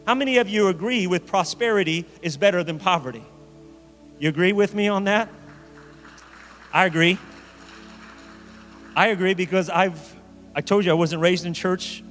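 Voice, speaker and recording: A man preaching a sermon as pastor, with emphatic rises and slow dramatic phrases. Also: high voice, fairly bright tone. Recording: reverberant hall with faint music.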